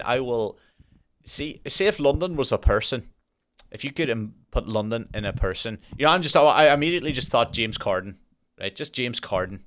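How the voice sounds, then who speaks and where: A young man hosting a solo podcast, telling an exasperated travel story and ranting with heavy swearing and dark jokes. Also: fairly low pitch, normal speed, a little hiss or hum. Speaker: podcast host.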